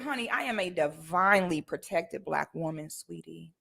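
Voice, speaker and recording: A woman's voice: sits low, expressive, moderate pace, creaky, bright, forceful tone, slightly rough. A woman talking straight to her viewers in a confrontational casual rant, full of sassy asides and repeated "okay?" tag questions. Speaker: vlogger.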